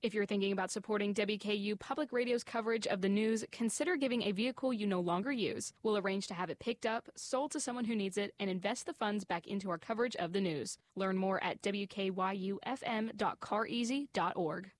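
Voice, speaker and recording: A female radio announcer giving a scripted station announcement in a steady, clear reading. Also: mid-range voice, a little fast, hardly any pauses, no room sound.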